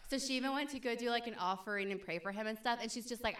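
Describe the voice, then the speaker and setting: A woman's voice: fairly high pitch, racing, fairly bright tone. Young woman rambling through a story. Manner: rambling, filler-heavy storytelling. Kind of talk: casual chat.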